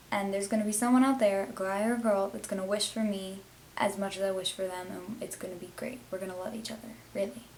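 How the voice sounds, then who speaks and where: Teenage girl, vlogger, rambling, heartfelt, mid-pitched voice, faint hiss. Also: poor audio. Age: teens. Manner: rambling, filler-heavy, heartfelt. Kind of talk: casual confessional vlog.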